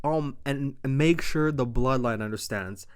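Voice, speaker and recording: A man puts on a stern general manager who lays down the law with firm, clipped warnings. The voice stays smooth and clear, only a little raised. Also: medium pitch, a little slow, natural voice.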